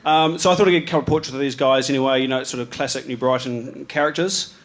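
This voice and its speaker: A man with a New Zealand accent talks loosely through his photographs before an audience, full of ums and self-corrections. His voice sits at an ordinary middle pitch. A faint murmur of room ambience runs underneath. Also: fairly even intonation, fast talker, a little hiss or hum. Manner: rambling and laid-back, many ums and restarts, slangy. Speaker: photographer giving a talk about his slides. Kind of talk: casual live presentation. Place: live event venue with an audience.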